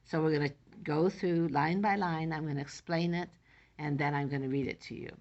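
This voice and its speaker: Woman teacher, lowish gravelly voice, breaks a poem down line by line in plain everyday talk. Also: normal speed. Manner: explains line by line, paraphrasing in plain everyday speech. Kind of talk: classroom lesson explaining poetry.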